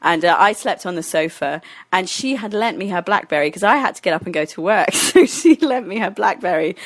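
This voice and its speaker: A woman's voice: mid-range voice, no room sound. A young woman telling a personal story, laughing often mid-sentence and acting out her own past lines.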